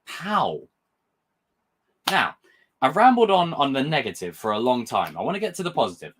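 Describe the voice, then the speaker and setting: His voice is husky and mid-range, at a normal speed. The young man, a film and TV reviewer, reviews a show in a casual vlog, rambling with animated passion and swearing a lot.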